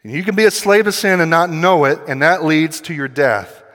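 A man preaching from the pulpit with a fairly high voice, pressing his points with questions and climbing into forceful stretches. The sound rings with a long reverb, as in a large church hall. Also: normal speed. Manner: emphatic preaching with rhetorical questions, building to loud passages. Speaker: pastor. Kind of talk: sermon.

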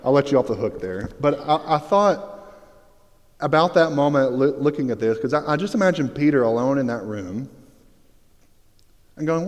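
A pastor telling a personal story in a sermon, swinging between hushed and excited. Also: male voice, medium pitch, moderate pace, long pauses. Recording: long reverb of a large hall.

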